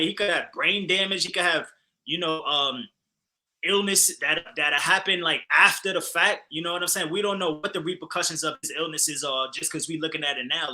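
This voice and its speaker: Bright, animated man in heated talk. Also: on the high side, low-quality recording. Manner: animated, emphatic, frequent fillers and profanity. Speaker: podcast co-host. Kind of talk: casual heated discussion.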